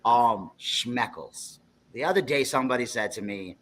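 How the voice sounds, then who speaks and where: A man from New York co-hosting a casual interview, telling a story in a lively way and laughing as he goes. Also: medium pitch, normal speed, slight background noise. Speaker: co-host.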